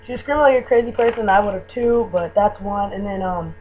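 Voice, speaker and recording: A young woman from Michigan gushing about a band she loves in a casual video, with lots of "um" and "like" and excited rambling. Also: medium pitch, fast. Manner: gushing, excitable, filler-heavy fan talk. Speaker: vlogger. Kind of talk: casual fan tag video. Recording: dull lo-fi webcam audio with faint hum.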